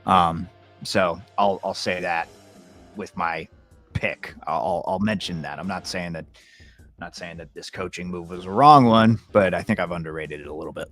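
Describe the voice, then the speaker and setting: A man's voice: low-pitched, normal speed, fairly bright tone, soft background music. A man co-hosting a casual sports picks chat over a video call, who stumbles and repeats words before settling on each pick. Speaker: co-host giving picks.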